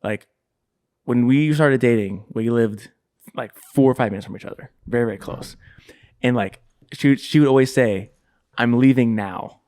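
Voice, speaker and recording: A man's voice: mid-range voice, moderate pace, darkish tone, dry recording, clean studio sound. A young man co-hosting a casual podcast, talking with lots of fillers and laughing through his stories. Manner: filler-heavy, laughs while telling stories. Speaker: podcast co-host. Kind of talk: casual chat.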